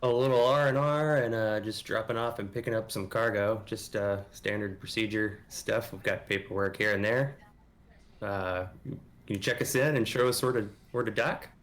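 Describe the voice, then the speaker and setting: A man's voice: lowish voice, fairly even intonation, normal speed, fairly bright tone. Easygoing man playing a tabletop game. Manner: narrates his own actions, easygoing. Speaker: player. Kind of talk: casual tabletop role-play.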